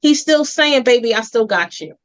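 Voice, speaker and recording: A woman's voice: a little high, expressive, normal speed, rough recording. A woman host and community advocate with a Philadelphia accent, telling a heartfelt story in an earnest, emphatic way on a TV interview show.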